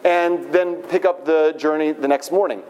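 Rabbi doing a starry-eyed everyman, gushing, fairly high voice, light storytelling touch. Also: fairly even intonation, normal speed, a little mellow, smooth, lightly acted. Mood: matter-of-fact. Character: discontented grown man, dazzled and eager.

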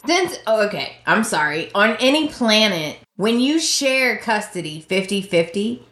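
Slow-talking woman in an echoey room. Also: medium pitch, big pitch swings, fairly bright tone. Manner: slow, emphatic, laughs often. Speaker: podcast co-host. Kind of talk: casual chat recapping a soap opera.

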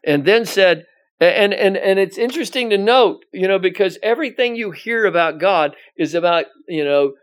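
A man's voice: sits high, expressive, moderate pace, clear, resonant tone. A male pastor giving conversational Bible teaching, rambling with many "you know"s and restarts, and reading scripture aloud with emphasis.

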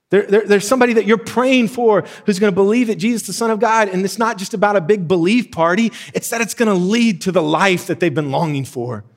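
A man preaching a sermon, excited and emphatic, swinging from loud bursts down to quiet, slow stressed words. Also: mid-range voice. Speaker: pastor.

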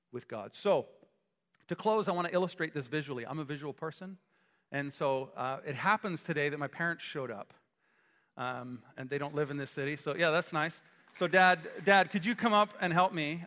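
Animated pastor preaching in an echoey hall. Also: male voice, fairly high pitch. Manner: animated, acts out scenes with voices. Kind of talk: sermon. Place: church sanctuary.

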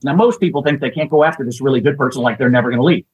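A man telling lively anecdotes as a podcast guest, acting out quotes and laughing as he goes. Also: mid-range voice, very fast, husky, low-quality recording. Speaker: guest, executive search consultant. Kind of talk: storytelling in a podcast interview.

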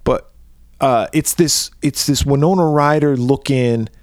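Man, crude jokey movie chat, middling pitch, dry sound. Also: unhurried, darkish tone, no echo. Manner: crude, jokey, acts out scenes in silly voices. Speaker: podcast co-host.

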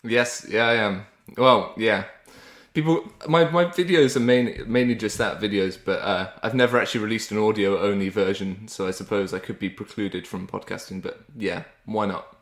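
A man's voice: on the low side, normal speed, a bit bright, echoey room. A man in his twenties from England, a podcast guest answering in a dry, understated way. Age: 20s. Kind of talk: casual interview chat.

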